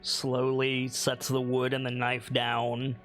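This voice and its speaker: A man running a tabletop game, describing the scene slowly with many ums and restarts. His pitch sits in a middle range, and soft music plays under him. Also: monotone. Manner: unhurried, many fillers and restarts. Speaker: game master.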